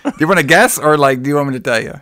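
A man's voice: on the high side, animated, very fast, bright, forceful tone, no room sound, studio quality. A man hosting a podcast, retelling a show in a rambling, laughing, swearing chat. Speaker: podcast host.

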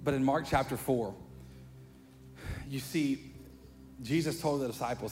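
A pastor preaching a sermon in a chatty, conversational way, building to animated emphasis. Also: male voice, mid-range voice, measured pace, pauses often. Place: church sanctuary. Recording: long hall reverb, faint music.

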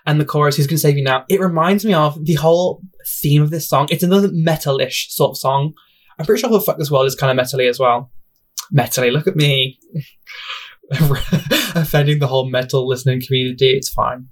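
A man's voice: on the high side, a little fast. Rambling, giggly young man. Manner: rambling, self-deprecating, giggly and expressive. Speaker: podcast host. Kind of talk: casual solo podcast chat. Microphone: home podcast mic.

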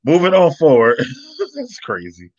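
A man with a lively, up-and-down voice co-hosts a casual podcast chat. He asks short questions and steers the conversation to the next topic. The sound is dry and dull, like a lo-fi recording. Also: a little high, unhurried, no room sound. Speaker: podcast co-host.

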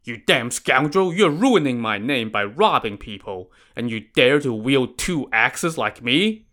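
A man voicing a fearless, hot-tempered male bandit hero who shouts and swears gruffly. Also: mid-range voice, animated, a little slow. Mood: menacing.

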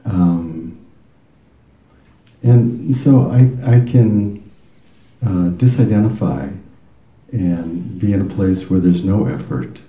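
Slow, halting deep-voiced man. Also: reverberant, narrow, tinny audio. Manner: halting, searching, many fillers. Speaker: retreat participant.

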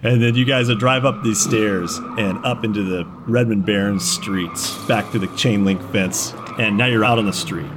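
A man's voice: lowish voice, normal speed, hardly any pauses, noisy background. A man narrating as game master, laughing often and swearing casually as he runs the scene. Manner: lively, laughing, swearing, voices NPCs.

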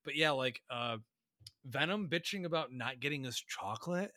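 Animated, bright-voiced podcast co-host man. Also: medium pitch, normal speed, dry recording, studio quality. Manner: animated, profane, laughs often. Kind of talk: casual podcast banter.

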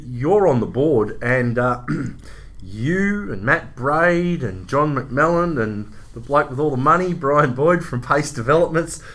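An Australian man co-hosting a casual motorsport podcast, bantering and excitable. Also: medium pitch. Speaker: podcast co-host.

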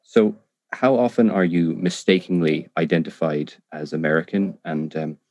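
A podcast host who speaks English as a second language conducts a casual interview, hesitant yet enthusiastic and full of ums. His voice is low and darkish with fairly even intonation, delivered at a normal speed with no echo.

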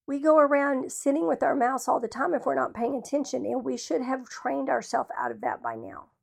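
Gravelly-voiced woman teaching scripture. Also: high voice, expressive, fairly quick. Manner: earnest, conversational preaching. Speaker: Bible teacher. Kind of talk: casual Bible teaching.

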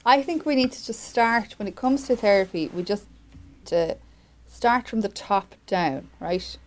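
A woman's voice: medium pitch, a little slow. Earnest woman in casual chat. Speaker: podcast co-host.

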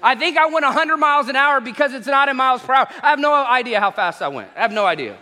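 A man preaching a sermon, an animated storyteller who acts out the exchanges he describes. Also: very high voice, fast. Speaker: pastor. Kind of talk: sermon with humorous travel stories. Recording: echoey hall reverb.

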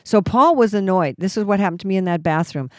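A woman's voice: mid-range voice, expressive, fast, darkish tone, no room sound, studio quality. Fervent woman teaching scripture. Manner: fervent, repetitive restarts, exhorting. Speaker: ministry leader and Bible teacher. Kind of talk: Christian teaching talk.

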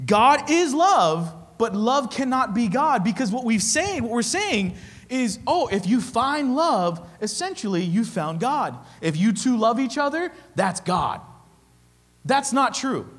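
Guy preaching a sermon, high voice that swings all over, keeps checking okay?, big echoey hall. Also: fairly bright tone. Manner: emphatic, repeats phrases, asks "okay?". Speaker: pastor.

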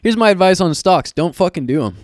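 Man, casual podcast co-host, slightly higher voice, rambling jokey delivery, dead dry close mic. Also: animated, a little fast, dry recording. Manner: rambling, swearing, joking. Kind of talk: casual comedic chat. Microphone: close studio mic.

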